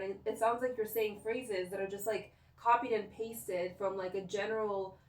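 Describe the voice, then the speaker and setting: A young woman in a casual personal rant, talking in a rambling, emotional way with lots of filler words. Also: medium pitch. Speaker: vlogger. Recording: echoey room, voice picked up from a distance.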